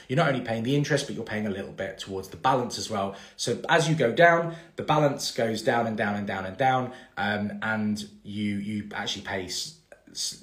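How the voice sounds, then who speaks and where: Guy in his 30s doing a live q&a on his phone, low-ish voice, lots of ums and restarts, echoey room. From England. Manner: chatty, rambling, many fillers and restarts. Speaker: mortgage broker hosting a live Q&A. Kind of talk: casual live-stream Q&A.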